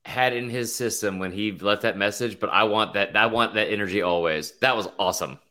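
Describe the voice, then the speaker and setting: A man co-hosting a casual sports podcast, animated and loose, swearing freely. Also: on the low side, fairly quick. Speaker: podcast co-host.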